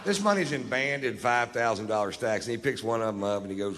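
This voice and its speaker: A man doing stand-up, telling a story in a laid-back, profane, deadpan way with slow, dry pauses on a theater stage. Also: fairly low pitch, big-room sound, background noise. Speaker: stand-up comedian.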